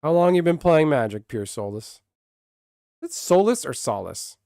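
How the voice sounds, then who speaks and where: A man's voice: fairly high pitch, big pitch swings, normal speed, vocal fry, mellow, no room sound. Blunt, profane streamer man, dry close sound. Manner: blunt, profane, rambling with many restarts. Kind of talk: casual livestream rant.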